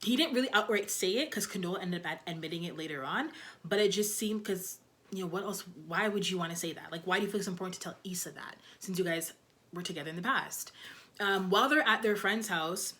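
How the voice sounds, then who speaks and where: A woman's voice: fairly low pitch, fast, sharp tone. A young woman casually reviewing TV episodes, talking loosely with lots of "like" and "you know". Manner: chatty, loose, heavy on fillers like "like" and "you know". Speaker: TV show reviewer.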